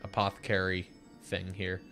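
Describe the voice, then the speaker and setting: A man's voice: low voice, completely flat delivery, moderate pace, sharp tone, faint music behind. A man giving chatty, joking commentary while streaming a game. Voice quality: chatty, joking, self-deprecating. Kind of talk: casual gameplay commentary.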